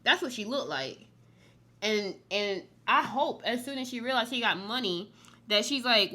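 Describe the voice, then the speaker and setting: Chatty woman host, bright tone, rambling loose recap talk. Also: mid-range voice, animated, normal speed, a little hiss or hum. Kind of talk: casual chat review.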